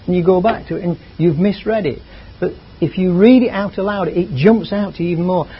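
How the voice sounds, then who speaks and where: Husky, lively high-voiced male preacher. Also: brisk. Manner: conversational, chatty, drifts into asides. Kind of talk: sermon. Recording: dull lo-fi recording.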